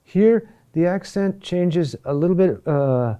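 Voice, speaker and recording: A man teaching a recorded lesson on chant rhythm, talking deliberately with pauses and "huh?" checks. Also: sits high, expressive, mellow.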